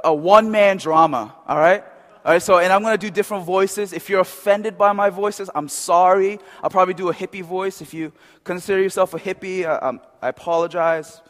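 A man delivers a sermon in a relaxed, conversational manner, often turning to the crowd for agreement. His voice sits high for a man. The sound rings out with the long reverb of a large hall. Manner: conversational, asks the crowd "right?". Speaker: preacher.

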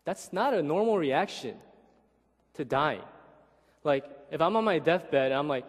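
Man, 30s, pastor, casual sermon, animated, slightly high voice, hall echo. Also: unhurried, long pauses. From Korean heritage. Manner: animated, keeps asking "right?", acts out voices. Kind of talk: conversational sermon.

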